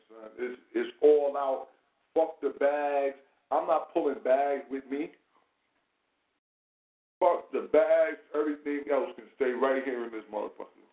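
A man hosting a casual commentary chat, animated and profane, full of rhetorical questions. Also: mid-range voice. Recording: tinny phone-like sound in an echoey room.

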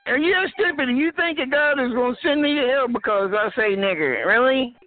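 Scornful high-voiced woman on a phone line. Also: expressive, a little fast. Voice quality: scornful, mocking, insulting. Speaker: chat line caller. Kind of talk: heated phone argument.

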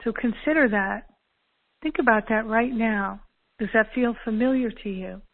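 A woman telling personal stories calmly and earnestly, acting out the dialogue as she goes. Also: a little high, normal speed. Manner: calm, earnest, acts out quoted dialogue. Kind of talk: reflective personal storytelling. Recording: narrow phone-like audio.

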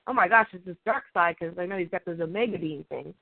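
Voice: medium pitch, fast, creaky, no echo. A comic book reviewer casually recapping an issue, rambling and reading the dialogue aloud plainly. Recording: tinny, dry phone-like sound.

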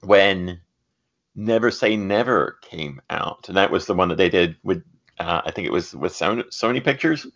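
Low-voiced man chatting casually. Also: expressive, normal speed, fairly bright tone, highs cut off. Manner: meandering, laughs easily, trails off. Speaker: podcast co-host. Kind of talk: casual chat.

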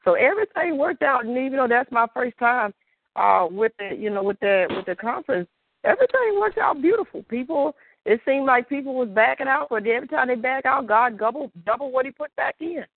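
A woman giving a rambling church testimony, halting with fillers and restarts and breaking into praise to God. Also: sits high, narrow, tinny audio.

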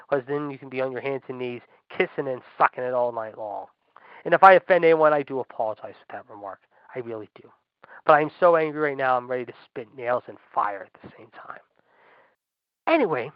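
A man's voice: a little high, no echo. A man hosting a wrestling podcast, ranting in a profane, sarcastic and fired-up way. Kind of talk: ranting commentary. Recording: dull lo-fi dry recording.

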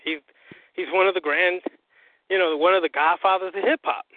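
A man, a guest on a call-in interview, telling his story in an animated, profane way and acting out what others said. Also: sits high, moderate pace, no room sound. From US Northeast. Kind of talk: casual phone interview. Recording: tinny phone line.

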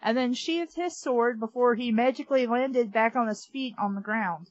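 A woman's voice: on the high side, no room sound, highs cut off. A woman co-hosting a comedic story reading, adding amused quips and jokes about the plot. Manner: amused, quick quips, laughs often. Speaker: co-host.

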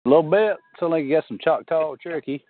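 A man from Oklahoma calling in to a talk show, quick and a bit halting. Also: a little high, no echo. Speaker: caller. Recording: tinny phone-like call line.

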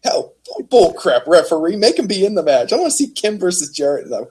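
A man's voice: high-pitched, sing-song, a little fast, a little mellow, slightly rough. A man co-hosting a casual wrestling podcast, rambling through jokes with hesitant fillers. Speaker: podcast co-host.

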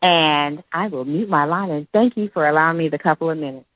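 A middle-aged woman phones in and tells a story in a chatty, halting way, pausing on fillers as she goes. Her voice sits a little low. The line is tinny and dry. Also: no echo. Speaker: caller. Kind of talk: call-in story.

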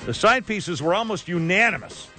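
A man hosting a talk radio show, ranting with sarcasm and indignation, swinging between loud outbursts and low asides. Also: expressive, moderate pace, over music. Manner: indignant, sarcastic, rants loudly then drops low. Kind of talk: opinionated talk radio monologue.

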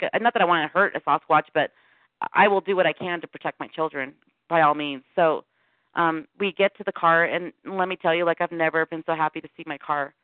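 A middle-aged woman calls in as a guest and tells her story in a lively way, voicing the people in it. The sound is thin and phone-like. The recording is dry and close, with no room sound. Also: fairly low pitch, no room sound. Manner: animated storytelling with quoted dialogue. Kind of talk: recounting a personal encounter. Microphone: phone call. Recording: tinny phone line.

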